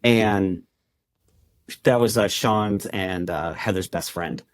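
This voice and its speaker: Slow and low-pitched, this podcast guest, who founded an endurance club, relates a personal story in a conversational manner, acting out the things people said to him.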